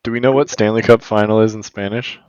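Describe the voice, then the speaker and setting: A man's voice: on the low side, steady tone, fast talker, darkish tone, smooth, dry recording, muffled recording. A man co-hosting a casual podcast, trading dry, teasing banter. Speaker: podcast co-host.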